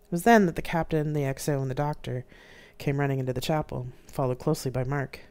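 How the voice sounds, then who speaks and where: An author reading their own novel aloud in an expressive, dramatic live-streamed narration. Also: mid-range voice, fast talker, clean tone.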